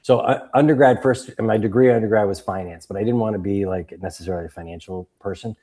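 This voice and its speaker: A man from Boston in his fifties, appearing as a guest author and coach, talks quickly in a lowish register. His stories in this laid-back interview come alive as he mimics the voices of the people he quotes.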